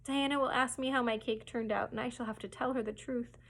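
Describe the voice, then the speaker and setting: A woman's voice: on the high side, fairly even intonation, brisk, gravelly, a bit bright, voice pushed up. A woman voicing an imaginative, dramatic orphan girl who pleads breathlessly. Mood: despairing.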